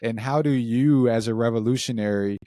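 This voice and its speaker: A man's voice: mid-range voice, fairly quick, warm tone, dry recording, clean studio sound. A man co-hosting a podcast. He rambles through a string of questions in a wry, searching way. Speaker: podcast co-host. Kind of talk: candid podcast conversation.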